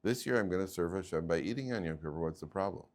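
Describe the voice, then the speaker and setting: A man's voice: low-pitched, fast. A man, a rabbi, teaching a class of students, telling stories and acting out the people in them, often repeating words as he goes. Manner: animated storyteller, repeats words, acts out quoted people.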